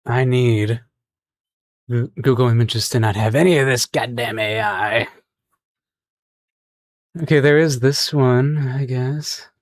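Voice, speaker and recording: A man talks to his viewers on a casual livestream while he draws. He rambles along at an unhurried pace and laughs often. His voice sounds close and dry, with no room around it. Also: mid-range voice, no echo. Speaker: streamer.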